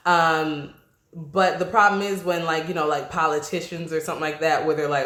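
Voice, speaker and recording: A woman with an East Coast accent, chatting casually to camera with lively, slangy asides and frequent laughter. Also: deep voice, normal speed. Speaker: vlogger. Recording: roomy echo.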